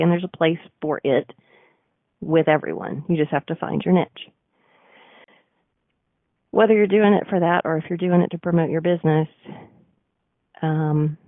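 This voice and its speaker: A woman's voice: sits low, creaky, dry recording. Nasal Southern woman on a phone line. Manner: chatty, earnest, with frequent fillers. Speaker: radio show host. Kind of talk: casual monologue with business advice.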